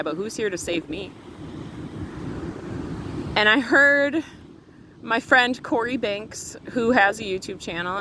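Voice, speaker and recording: A middle-aged woman telling a story to camera in an earnest, emotional, fast-running casual way. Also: mid-range voice. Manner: earnest, emotional, talks fast with run-on retelling. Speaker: spiritual vlogger. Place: outdoors on a windy beach. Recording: wind and surf noise outdoors.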